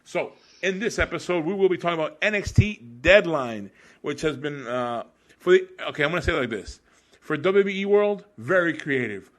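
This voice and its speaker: A man's voice: a little high, animated, fairly quick, fairly bright tone. A man hosting a casual podcast chat, laid-back and rambling, with lots of fillers and restarts. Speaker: podcast host.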